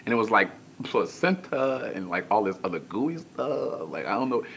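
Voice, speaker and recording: A male pastor telling a comic personal story in a sermon, animated, moving from hushed to shouting, with colloquial asides to the crowd. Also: fairly low pitch, moderate pace, vocal fry, slight background noise.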